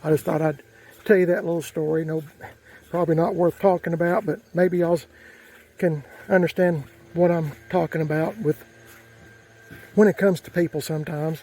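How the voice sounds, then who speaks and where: A man's voice: on the high side, fairly even intonation, normal speed, warm tone, rough recording. A man telling a rambling, folksy story outdoors, with lots of fillers and restarts. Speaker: vlogger. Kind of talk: casual storytelling.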